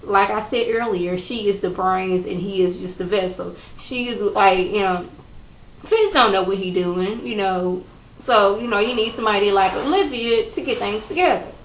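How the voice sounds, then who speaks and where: A woman gives a chatty, gossipy recap of a TV episode, animated and loose. Her voice sits at a middling pitch and bounces around a roomy, echoey space. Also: normal speed. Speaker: TV episode reviewer. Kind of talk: casual spoken recap. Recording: roomy echo.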